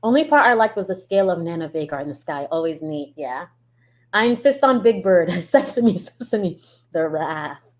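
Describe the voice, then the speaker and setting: A woman's voice: fairly low pitch, very animated. Blunt, profane woman ranting casually. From United States. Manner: blunt, profane, quick to laugh. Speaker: reaction streamer. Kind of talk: casual ranting reaction chat.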